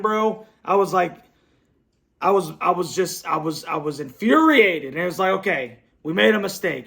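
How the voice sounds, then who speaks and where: Fed-up man ranting, gravelly and high. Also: pushed and bright. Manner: frustrated, blunt, repetitive. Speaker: sports fan show host. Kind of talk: angry post-game rant. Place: home, at a computer. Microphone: computer setup.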